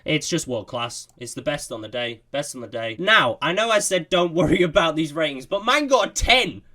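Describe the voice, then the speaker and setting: A man's voice: a little high, lively intonation, normal speed, sharp tone. A man in his twenties giving casual, opinionated player ratings in slangy chat. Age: 20s. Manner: slangy and opinionated, lots of "bro". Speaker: gaming YouTuber rating players.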